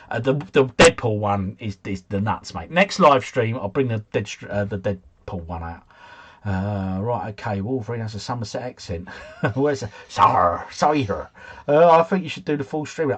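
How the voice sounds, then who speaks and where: A man's voice: medium pitch, breathy edge. A man hosting a casual quiz livestream from home, chatting, chuckling and answering comments from his viewers.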